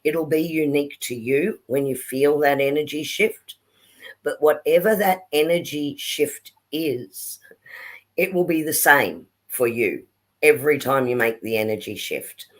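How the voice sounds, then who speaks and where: Woman walking people thru an energy technique, slow and patient, um's here and there, video call audio. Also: deep voice. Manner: slow explanatory with fillers. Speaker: spiritual workshop co-host. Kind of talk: explaining a spiritual technique. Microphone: video call with dropouts.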